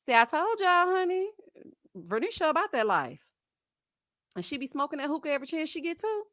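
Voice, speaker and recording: A gossipy woman hosting a live chat stream reads viewer comments in casual conversation, animated, laughing often, and using Southern US slang. Her voice is high and fairly quick, captured on a dry mic with no echo.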